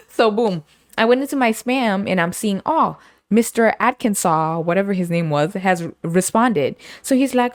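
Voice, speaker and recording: A young woman from Canada hosting a podcast, telling her week's story in a casual, animated way and acting out the people in it. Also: mid-range voice, normal speed, dry recording, studio quality. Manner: animated storytelling with laughs and acted-out quotes. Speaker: podcast host. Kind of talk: casual chat.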